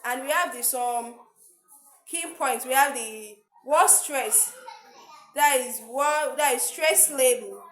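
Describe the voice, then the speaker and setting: A woman teacher giving a lesson, halting and repeating herself as she searches for words. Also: high voice. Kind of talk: classroom lesson. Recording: echoey room with faint noise.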